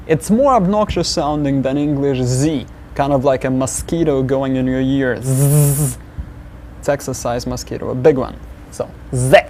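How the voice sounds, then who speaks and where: A man teaching an alphabet lesson, sounding out each letter slowly and patiently, repeating sounds for the learner. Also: on the high side, darkish tone, a little hiss or hum. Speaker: language teacher.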